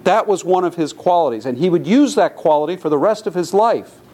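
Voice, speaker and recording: A man giving a lively public talk to a live audience, telling stories and putting questions to the listeners. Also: high-pitched, fairly quick. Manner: animated, storytelling, asks the audience questions. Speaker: lecturer.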